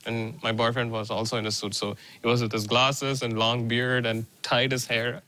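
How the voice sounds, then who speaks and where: Animated man, bright voice. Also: mid-range voice, normal speed, low-quality recording. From India. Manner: animated and blunt, with frequent restarts and swearing. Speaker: interviewee. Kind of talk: casual documentary interview.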